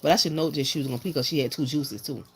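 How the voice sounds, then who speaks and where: Brief: woman vlogger at home, deep voice, chatty and exasperated, faint hiss behind. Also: rapid-fire. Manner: exasperated, chatty, talks straight to viewers. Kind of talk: casual chat to viewers. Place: home bedroom.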